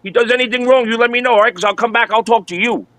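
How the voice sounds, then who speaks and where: A man putting on the voice of a gruff, bossy, protective tough guy with a brash, commanding streetwise delivery, as he tells a story. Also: very high voice, very fast, sharp tone, no room sound, pitched above the performer's own voice.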